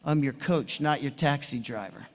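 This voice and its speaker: A man's voice: medium pitch, normal speed, big-room sound, lightly acted. A man doing a blunt tough-love coach. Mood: curt. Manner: curt, deadpan orders.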